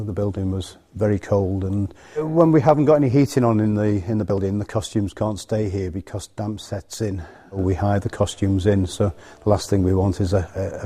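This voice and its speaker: A man running a theatre, explaining problems in a plain, halting way with many fillers. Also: lowish voice, mellow. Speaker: theatre manager.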